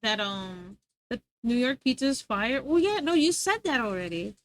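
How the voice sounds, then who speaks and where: A young American woman streaming live, chatting casually with viewers in an animated, rambling way and laughing often. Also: on the high side, moderate pace, a little hiss or hum. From United States. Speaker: livestreamer.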